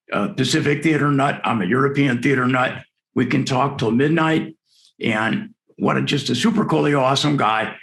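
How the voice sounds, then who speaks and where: A man's voice: mid-range voice, vocal fry, a bit bright. A man in his sixties giving an enthusiastic, story-filled lecture to dentists at a virtual conference. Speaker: dental lecturer. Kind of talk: conference presentation. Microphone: video call.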